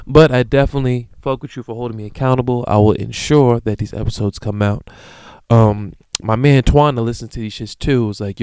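A man in his thirties hosting a solo podcast, ranting in a profane, animated, comedic way. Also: medium pitch, a little fast, few pauses, clear, resonant tone, dry recording. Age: 30s. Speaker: podcast host. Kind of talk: casual solo podcast monologue.

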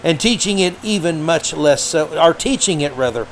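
A man's voice: fairly high pitch, lively intonation, moderate pace, a little hiss or hum, poor audio. Sarcastic, combative podcast host man. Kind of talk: political commentary monologue.

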